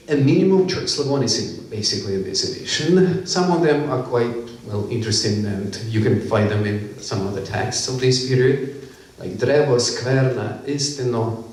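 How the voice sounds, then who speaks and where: A man's voice: mid-range voice, darkish tone. A man giving an academic conference lecture, explaining points from his slides. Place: conference hall. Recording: echoey hall, mic far off.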